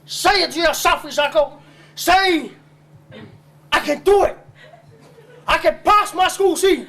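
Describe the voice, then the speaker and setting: Man doing a shrill bullying dad. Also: a little slow, fairly bright tone. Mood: hectoring. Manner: scolding, bullying, repeats "huh?" constantly. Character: stern shouting Samoan father, village chief. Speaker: comic stage actor. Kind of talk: live comedy skit.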